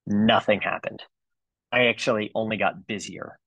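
A man's voice: on the low side, normal speed, a bit bright, no echo, highs cut off. A man in his forties, a dentist, giving a comedic webinar talk with playful, exaggerated storytelling. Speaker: dentist presenter.

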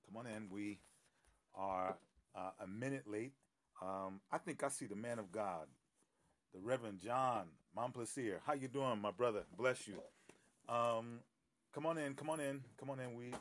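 A middle-aged male pastor talking casually into his phone on a live stream. He greets people one by one, fills pauses with "um" and "uh", and laughs easily. His voice sits at an ordinary middle pitch. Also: fairly bright tone. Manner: chatty, greets viewers by name, many fillers and laughs. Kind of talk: casual live-stream chat before a Bible teaching.

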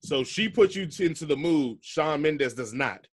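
A man's voice: a little high, lively intonation, normal speed, husky. A man with a slightly raised voice hosts a podcast in an easygoing way. He talks in slang and laughs often. His tone stays loose, like friends chatting. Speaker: podcast host. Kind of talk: casual chat.

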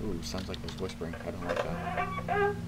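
A man with a lowish voice gives rambling, self-mocking commentary while he plays a horror game. He swears constantly and sounds jittery. Game sounds play clearly behind him. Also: huge pitch swings, brisk, very noisy. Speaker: gaming video host.

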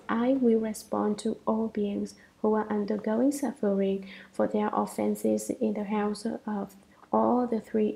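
A devout young woman pleads solemnly as she makes her vow, read by a woman. The voice is gravelly, with a mellow, dark warmth. Her manner stays earnest and reverent. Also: medium pitch, rough recording.

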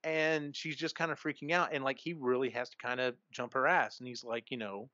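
A man's voice: medium pitch, fairly even intonation, fairly quick, hardly any pauses, pushed and bright, dry recording. Rambling man, dull lo-fi podcast audio. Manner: rambling, filler-heavy retelling. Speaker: podcast host. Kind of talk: casual book discussion. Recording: dull lo-fi recording.

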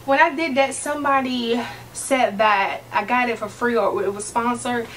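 Woman vlogger, 30s; chatty, sassy, quick to laugh; slightly distant mic. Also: a little high, steady tone, a bit bright, slight background noise. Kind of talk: casual chat to camera.

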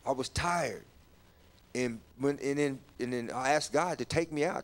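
Halting man giving church testimony. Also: medium pitch. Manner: halting, repeats words, rises when stirred. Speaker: guest sharing testimony. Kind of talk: personal testimony in church talk.

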